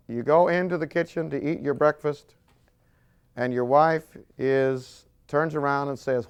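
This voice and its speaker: A man preaching a sermon with animated storytelling, acting out scenes as he goes. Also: fairly high pitch, a little slow, clear, resonant tone, dull audio.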